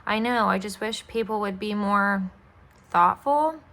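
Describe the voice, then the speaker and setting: An earnest, hopeful young girl, read aloud by a woman in a bright voice. She sounds soft-spoken and a little worried, the way a child in a storybook reading would. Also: mid-range voice, a little slow.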